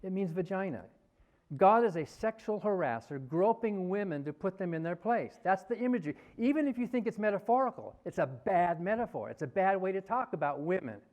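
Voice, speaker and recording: A man giving a forceful debate speech, reciting and emphasizing a string of quoted passages. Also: high voice, animated, brisk. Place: university hall.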